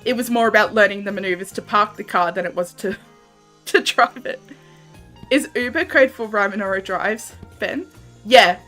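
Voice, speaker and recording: Australian woman, game streamer, laughs easily, bright forceful tone, casual banter. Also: medium pitch, normal speed, soft background music. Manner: chatty, laughs often, banters and swears while playing. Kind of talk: casual live-stream chat with viewers. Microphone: desk microphone.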